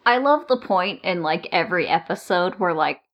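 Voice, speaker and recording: A woman's voice: fairly low pitch, animated, normal speed, lo-fi sound. A woman co-hosting a casual podcast chat, tossing in dry, joking asides. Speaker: podcast co-host. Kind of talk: casual chat about comics.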